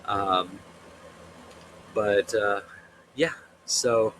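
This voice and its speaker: A man's voice: on the low side, measured pace, pauses often, a bit bright, a little hiss or hum, poor audio. A young man, an author being interviewed, chatting easily and laughing often. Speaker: author guest. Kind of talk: casual interview chat.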